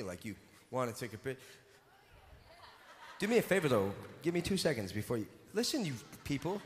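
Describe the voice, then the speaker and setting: A man's voice: medium pitch, very animated, brisk, a little hiss or hum. A male singer joking with his audience from the stage, teasing and mock-scolding them in a playful way. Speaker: singer performing live. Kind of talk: stage banter with a concert audience. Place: large concert venue with seated tiers. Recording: live concert hall reverb with music.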